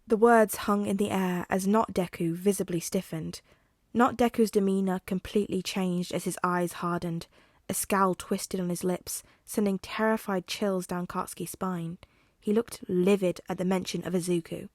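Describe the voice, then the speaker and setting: In a clean studio recording free of room sound, a podfic reader narrates fan fiction. She has a medium-pitched voice and keeps a steady, measured storytelling pace.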